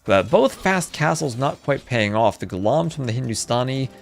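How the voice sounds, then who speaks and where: A man commentating a live strategy game tournament, chatty and excitable, chatting with viewers between plays, with faint music behind. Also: mid-range voice, moderate pace, gravelly. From New Jersey. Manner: chatty, reads chat aloud, excitable outbursts. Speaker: esports caster.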